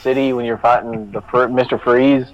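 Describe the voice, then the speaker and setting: A man's voice: mid-range voice, level tone, moderate pace. Male tabletop player, casual and rambling, joking, muffled lo-fi sound. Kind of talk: casual tabletop game chat.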